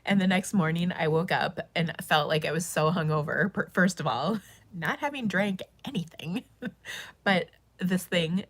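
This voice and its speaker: A middle-aged woman hosting a casual live stream, tearful and crying on and off, talking haltingly with many restarts and soft laughs. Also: fairly low pitch. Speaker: host of a craft live stream. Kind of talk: casual livestream chat.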